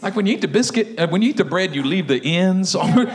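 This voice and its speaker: A man pastor preaching a humorous sermon, laughing often and telling the story with lively acted-out voices. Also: high voice, quick pace.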